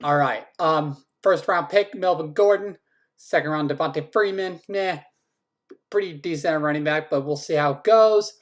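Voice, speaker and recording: A slightly high-voiced man, speaking at a moderate pace, runs through each team's draft picks as fantasy football league commissioner. His rundown is casual and teasing, with occasional swearing.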